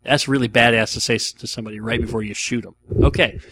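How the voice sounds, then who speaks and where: A man's voice: mid-range voice, fairly even intonation, fairly quick, a bit bright, breathy edge. A man hosting a casual radio-style show, talking in a rambling, self-deprecating way with frequent restarts. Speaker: host.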